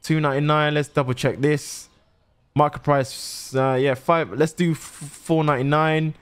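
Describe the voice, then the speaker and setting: An excitable young man streams a game live and chats straight to his viewers. His voice sits slightly high and jumps from low muttering to loud shouts, and he swears freely. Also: normal speed, clear, resonant tone. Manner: excitable, swears a lot, talks to chat. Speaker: gaming streamer. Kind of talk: casual live game commentary.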